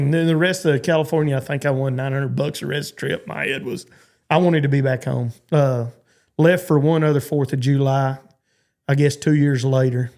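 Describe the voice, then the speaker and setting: A man's voice: medium pitch, gravelly, a little mellow. A Texan man in his forties, a podcast guest telling rambling stories with lots of restarts. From Texas. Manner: rambling, stop-start storytelling with repeated restarts. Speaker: guest, cowboy. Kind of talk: storytelling in a podcast interview.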